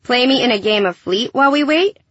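A woman's voice: on the high side, expressive, brisk, fairly bright tone, no room sound, voice pushed up. A woman voicing eager young girl Gilly. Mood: coaxing. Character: anxious young girl crew member, eager. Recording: dull dry recording.

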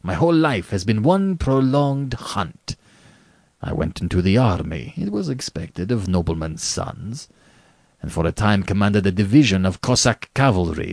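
A man reading a story aloud, voicing a suave, menacing aristocratic male hunter who speaks slowly and with courtly politeness. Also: deep voice, creaky, a little mellow, dry recording, clean studio sound, full character voice. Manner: slow, measured, courtly. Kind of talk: audiobook reading.

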